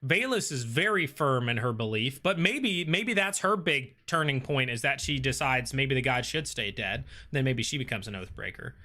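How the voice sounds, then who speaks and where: A man with a bright, clear voice hosts a relaxed live stream. He reads viewer comments aloud and answers them in an easy, thinking-aloud way, full of ums and uhs. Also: mid-range voice, normal speed, hardly any pauses. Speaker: host reading live chat. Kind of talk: casual live-stream chat.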